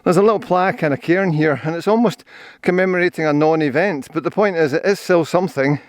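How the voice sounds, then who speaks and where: A man's voice: fairly high pitch, quick pace, no echo, studio quality. An older man with a Scottish accent chatting casually to a handheld camera as he runs and walks along an outdoor forest trail, rambling cheerfully about the view. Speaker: vlogger. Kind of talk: casual walking and running commentary.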